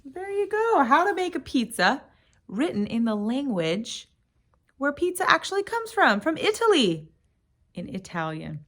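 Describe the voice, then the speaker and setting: A woman teacher reads a picture book aloud to young children at a gentle, unhurried pace. Her pitch swings up and down as she prompts the kids with encouraging questions. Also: very animated.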